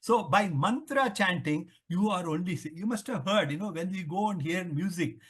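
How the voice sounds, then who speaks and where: A man's voice: high-pitched, expressive, normal speed, a bit bright, breathy edge. An older man with an Indian English accent, explaining ideas at length in an interview, often repeating himself and asking himself questions. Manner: repetitive, lecturing, asks himself questions. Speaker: author interviewed on the Vedas.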